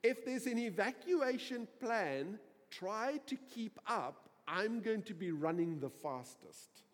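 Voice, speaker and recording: A man preaching a sermon, telling stories in an animated, humorous way. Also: high-pitched, slow pace. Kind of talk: sermon storytelling. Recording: reverberant hall.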